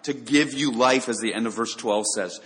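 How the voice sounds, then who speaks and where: A man's voice: mid-range voice, normal speed, a bit bright, in a large hall, poor audio. A man preaching a sermon, speaking earnestly and addressing listeners directly with rhetorical questions. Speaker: pastor.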